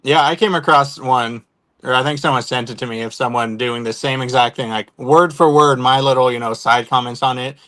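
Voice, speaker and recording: A man's voice: medium pitch, fairly even intonation, a little fast, fairly bright tone. A man from Oregon, a guest on a podcast, talking in an easygoing, laid-back casual chat. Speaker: guest, content creator.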